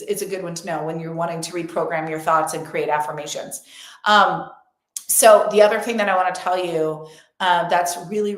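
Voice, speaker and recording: Woman, motivational coach, emphatic, mid pitch, echoey room. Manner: emphatic, animated, acts out quoted voices. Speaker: speaker and coach. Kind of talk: motivational talk to women.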